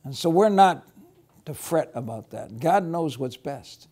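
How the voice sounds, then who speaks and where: Gentle, reassuring man teaching children. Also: fairly high pitch, expressive, unhurried. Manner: gentle, reassuring storytelling, softening to a hush. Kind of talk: children's Bible lesson.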